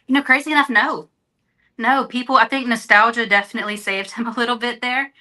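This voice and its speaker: A woman's voice: on the high side, fairly even intonation, fairly quick, pushed and bright. A woman guest on a podcast, speaking earnestly and openly in candid conversation. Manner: earnest, openhearted storytelling. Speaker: interview guest.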